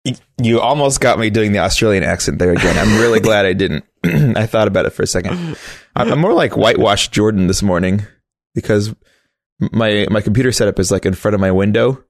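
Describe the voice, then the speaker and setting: A man's voice: lowish voice, a little fast, no echo. A man co-hosting a podcast, rambling and hesitant, getting over a cold with a cough. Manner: rambling, hesitant, self-deprecating. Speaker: podcast co-host. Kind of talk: casual podcast chat.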